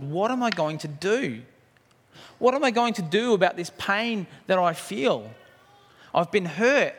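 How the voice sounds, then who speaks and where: High-voiced preacher in a reverberant hall. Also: male voice. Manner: animated storytelling, rhetorical questions. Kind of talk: sermon.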